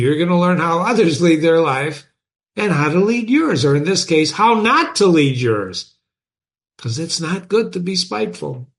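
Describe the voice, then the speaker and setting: Man, literature teacher, fairly high voice, swoops a lot, keeps asking "right?". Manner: animated, asks many rhetorical questions and tags "right?". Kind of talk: explanatory book lesson to viewers.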